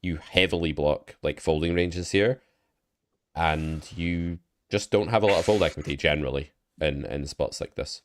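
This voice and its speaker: Very deep-voiced blunt male poker coach. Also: normal speed, a little hiss or hum. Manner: blunt, swears casually. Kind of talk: casual coaching over a call. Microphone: online call.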